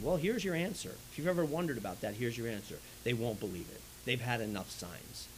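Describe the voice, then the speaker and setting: A man preaching a sermon in an animated way, swinging between loud and soft, often checking in with "right?". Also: medium pitch, fast, few pauses, a little hiss or hum, poor audio. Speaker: pastor.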